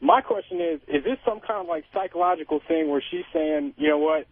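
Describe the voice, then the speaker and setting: A man's voice: a little high, expressive, fairly quick, dry recording. A man calling in to a radio show, rambling casually through his question. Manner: rambling, casual, lots of fillers. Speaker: caller. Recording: tinny phone line.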